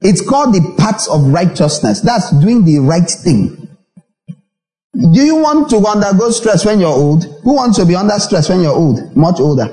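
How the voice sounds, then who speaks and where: A high-pitched Nigerian man preaches at a moderate pace as a pastor, with faint music in the background. He animatedly repeats lines and dramatizes little dialogues, captured in an echoing church hall.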